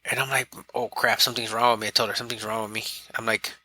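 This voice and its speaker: Bright-voiced man telling a candid story. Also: medium pitch, racing, dry recording. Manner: candid, animated, quotes himself and others. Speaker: podcast guest. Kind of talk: casual storytelling.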